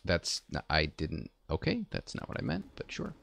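A male game streamer talking casually at his computer desk in a low, gravelly voice. His speech is chatty and rambling with lively ups and downs. The sound is dry and close on a desk mic. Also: moderate pace, no room sound. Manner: chatty, self-correcting and rambling. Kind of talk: casual gameplay commentary.

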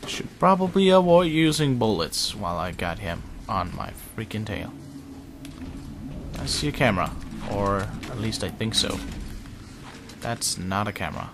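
A man's voice: fairly low pitch, sing-song, measured pace, long pauses, noisy background. A man giving casual let's-play commentary, jumpy and self-mocking, pleading with and talking to the game's characters. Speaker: gameplay commentator.

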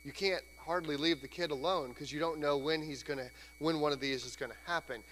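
A man preaching a sermon in a church, conversational and lively, sometimes acting out voices. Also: a little high, a little fast. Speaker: pastor. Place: church sanctuary. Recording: church hall reverb, faint hum.

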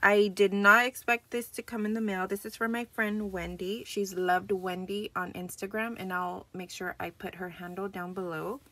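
A woman's voice: medium pitch, fairly even intonation, moderate pace, few pauses, sharp tone. A young adult woman hosting a casual crafting vlog, gushing and chatty as she opens a package. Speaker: crafting channel host.

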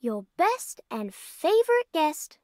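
A woman's voice: very high voice, sing-song, takes it slowly, dark tone, no room sound, studio quality, full character voice. A woman voicing an eerie young girl in a game who teases with sweet, oddly formal mockery. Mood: teasing.

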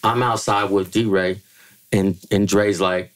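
A middle-aged man from the Bay Area telling stories as a podcast guest, profane and animated, acting out quotes in a higher voice. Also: slow. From Bay Area, California. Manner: animated, profane, acts out quotes with jumps in pitch. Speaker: podcast guest, music manager. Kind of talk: casual storytelling interview.

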